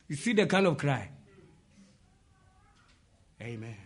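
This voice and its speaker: A man preaching an impassioned sermon, often shouting and putting questions to the congregation. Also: high voice, sing-song, takes it slowly, pauses often.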